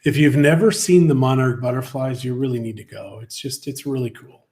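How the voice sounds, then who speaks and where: A man's voice: mid-range voice, a little fast, a little mellow. Middle-aged man rambling through casual stories. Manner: rambling anecdotes with many restarts. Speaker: co-host of a livestream show. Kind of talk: casual chat.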